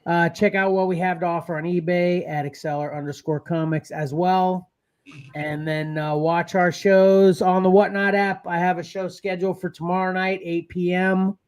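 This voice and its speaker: A man's voice: high voice, level tone, moderate pace, a little mellow, clear, resonant tone. A man co-hosting a casual podcast chat, talking loosely with frequent laughs and trailing phrases. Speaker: co-host.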